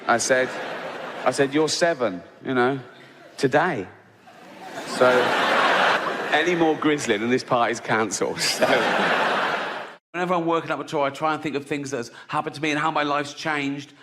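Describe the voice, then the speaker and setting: An English man doing stand-up comedy on a theatre stage in a conversational style, often adding "right?" and jumping into high, laughing voices. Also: normal speed, long pauses, heavy background noise. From England. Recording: live hall with audience.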